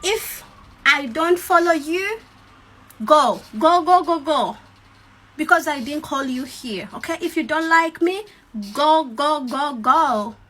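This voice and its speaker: A woman's voice: high-pitched, expressive, slow pace, a bit bright. A woman with a Ugandan English accent ranting defiantly at her online critics, emphatic and repetitive. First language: Luganda. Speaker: social media creator. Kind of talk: defiant rant to followers.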